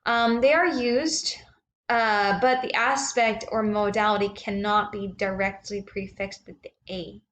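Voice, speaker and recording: A woman's voice: mid-range voice, steady tone, unhurried, a bit bright. A woman giving a slide presentation on language, speaking hesitantly with many ums and uhs.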